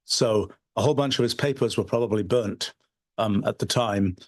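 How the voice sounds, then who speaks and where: A man giving an unscripted livestream lecture, thinking aloud with frequent restarts and fillers. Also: on the low side. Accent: British. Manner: halting, many restarts and fillers. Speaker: presenter of a livestreamed talk.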